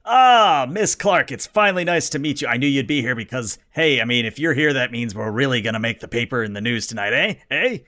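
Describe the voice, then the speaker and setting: A man's voice: mid-range voice, animated, a little fast, hardly any pauses, pushed and bright. A man voicing a brash male showman who talks like a salesman and nudges for agreement. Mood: pushy, chummy. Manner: salesman-like, nudging. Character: brash male showman glad-handing the press.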